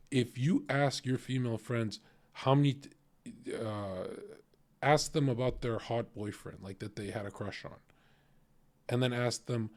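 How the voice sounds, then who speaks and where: A man's voice: fairly low pitch, darkish tone. A man streaming and reacting to a clip in casual, crude, opinionated commentary, lecturing his chat and often laughing.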